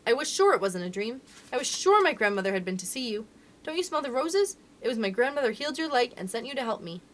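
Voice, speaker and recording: A woman voicing a sweet, eager young princess girl in a storybook reading, speaking high and breathless with excitement. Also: quick pace.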